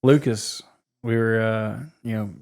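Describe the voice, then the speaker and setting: A man's voice: fairly low pitch, steady tone, a little slow, darkish tone. A man in casual podcast chat, telling a candid, self-critical story about being a dad. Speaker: podcast co-host.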